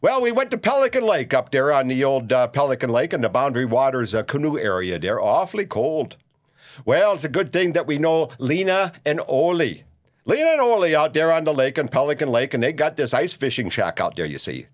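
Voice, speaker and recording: A man's voice: medium pitch, sing-song, fairly quick, natural voice. An actor playing a rambling, boastful older male ex-radio talk show host with a Minnesota accent, in a comedic monologue. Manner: rambling, boastful, folksy, lots of "you see" and "uh".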